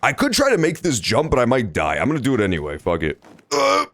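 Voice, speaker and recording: A man's voice: huge pitch swings, fast, a bit bright. A man streaming a game, chatting casually and joking with plenty of swearing. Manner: joking, profane, jumps between high and low pitch. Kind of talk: casual gameplay commentary.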